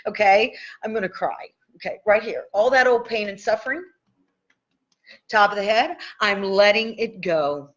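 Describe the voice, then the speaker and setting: A woman's voice: medium pitch, lively intonation, normal speed. A woman leading a guided tapping session. She calls out the tapping points and repeats affirmations in an upbeat, chatty way, and now and then she swears casually. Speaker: tapping coach. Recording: muffled, dull live-stream audio.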